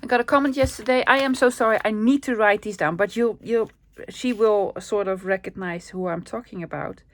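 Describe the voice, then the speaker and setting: This crafting channel host, a woman from the Netherlands with a Dutch accent, keeps up a chatty craft-along, talking to herself while she works. She speaks fairly quickly at a medium pitch, and there's slight noise in the background.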